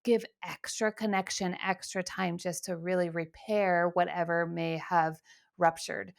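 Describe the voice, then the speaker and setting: Laughing woman co-host, halting. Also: lowish voice, steady tone, creaky. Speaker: podcast co-host. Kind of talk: casual chat.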